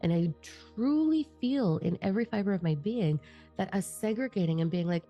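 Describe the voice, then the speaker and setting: A woman's voice: mid-range voice, animated, normal speed, warm tone, soft background music. A middle-aged woman, a spiritual teacher and channeler, talking in a blunt, profane, fired-up monologue.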